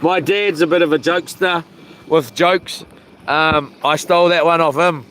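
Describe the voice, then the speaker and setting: A fishing vlogger speaks at a normal pace in a slightly high, steady voice, with background noise around him outdoors by the water. On his live stream he's easygoing and slangy, chuckling at his own jokes.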